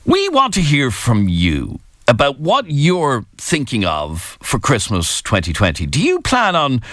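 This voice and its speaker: An Irish man hosting a phone-in radio talk show, jokey and animated as he reads out listener messages. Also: medium pitch, unhurried, dry recording, clean studio sound. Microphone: studio microphone.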